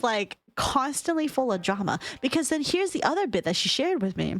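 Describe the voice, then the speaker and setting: A woman's voice: fairly high pitch, big pitch swings, normal speed, dry recording, soft background music. Chatty, swearing young woman telling a story. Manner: chatty, profane, laughing often, lots of fillers. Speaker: vlogger. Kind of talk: casual storytime retelling.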